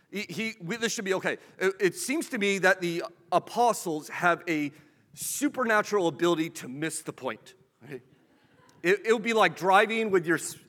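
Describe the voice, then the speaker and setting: Male pastor, high bright voice, chatty preaching full of rhetorical questions, lingering hall reverb. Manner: conversational preaching, rhetorical questions, frequent "right?" asides. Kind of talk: sermon.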